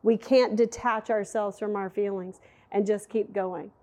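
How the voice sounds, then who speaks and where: A woman's voice: medium pitch, fairly even intonation, a little slow, dark tone. A middle-aged woman giving an emotional, conversational sermon, speaking directly to her listeners. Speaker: women's Bible teacher.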